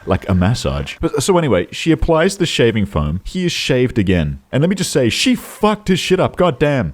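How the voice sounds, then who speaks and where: A young man giving sarcastic comedic commentary on videos, breaking into high yelling outbursts. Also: huge pitch swings, moderate pace, few pauses. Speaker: YouTube commentator.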